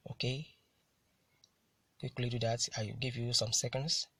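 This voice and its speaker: A man teaching an English lesson on syllables and word stress, who speaks deliberately and often says "now" to move on. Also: medium pitch, flat delivery, sharp tone, slightly rough, dry recording.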